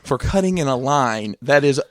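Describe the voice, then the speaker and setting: A man's voice: mid-range voice, expressive, moderate pace, dry recording, studio quality. A man co-hosting a podcast, telling a story in casual chat, swearing and laughing along the way. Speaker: podcast host.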